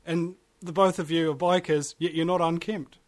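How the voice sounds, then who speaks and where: Kiwi guy guesting, rambly and animated, a bit high-voiced. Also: moderate pace. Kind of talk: casual chat.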